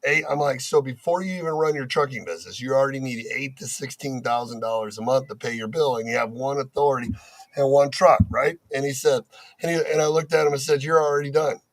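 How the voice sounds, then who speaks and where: A man's voice: mid-range voice, quick pace. A man who works as a dispatcher, telling blunt, profane stories about callers in casual chat. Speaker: dispatcher, co-host.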